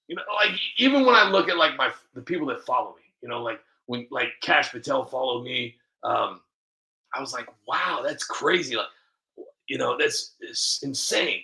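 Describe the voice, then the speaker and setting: A man's voice: fairly high pitch, creaky, bright, forceful tone. A man, a video creator, rambling casually to the camera with many restarts and fillers, often laughing at himself.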